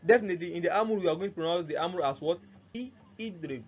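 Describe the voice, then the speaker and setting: A man's voice: high-pitched, fast talker. A man teaching Arabic grammar in a classroom-style lesson, who keeps asking "what?" and answers himself, repeating the key terms. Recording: muffled lo-fi sound, faint noise.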